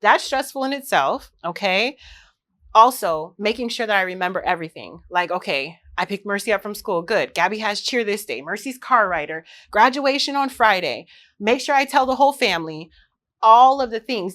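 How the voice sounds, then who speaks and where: Warm-hearted woman host in her thirties, candid and confessional, addressing listeners one-on-one. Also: medium pitch, lively intonation, normal speed. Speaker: podcast host. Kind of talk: candid solo podcast monologue.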